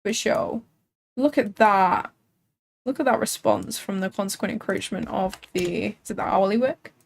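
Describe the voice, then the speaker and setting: A woman's voice: medium pitch, normal speed, gravelly, slightly rough. A woman hosting a live trading stream, chatting casually and thinking aloud with frequent filler words. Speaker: livestream trading host.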